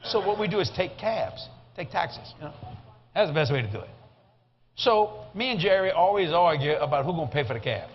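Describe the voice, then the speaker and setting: A man with a South Louisiana accent preaches in an animated, folksy storytelling style, with a fairly high voice for a man. He speaks at a church service, and the recording sounds slightly muffled. A faint hiss of noise sits underneath. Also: brisk. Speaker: guest preacher. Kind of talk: sermon storytelling.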